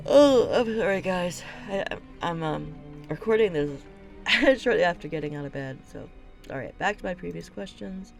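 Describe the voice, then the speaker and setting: A woman giving casual commentary on a video game she is playing, chatty and thinking out loud. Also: fairly low pitch, expressive, moderate pace, creaky. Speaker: game streamer. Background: faint game music.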